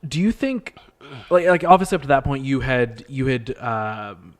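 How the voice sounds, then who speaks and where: A man's voice: mid-range voice, animated, normal speed. Reflective man hosting a podcast. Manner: reflective, hedging, rambling questions. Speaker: podcast host. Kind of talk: casual interview chat.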